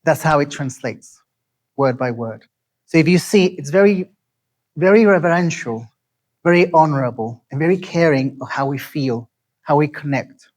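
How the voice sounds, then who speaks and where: A man from Mexico City, giving a lecture and slowly repeating words so listeners can pronounce them. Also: on the high side, expressive, a little mellow, low-quality recording. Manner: slow, deliberate, repeats words to teach pronunciation.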